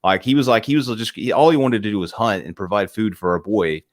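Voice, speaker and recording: A man co-hosting a casual film talk podcast, excitable and profane, laughing as he retells scenes. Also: lowish voice, quick pace. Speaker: podcast co-host.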